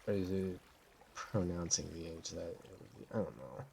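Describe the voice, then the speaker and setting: A tired young man with a very deep voice gives rambling, deadpan gameplay commentary. He breaks into sudden loud outbursts now and then. A faint hum sits behind him. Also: unhurried, gravelly.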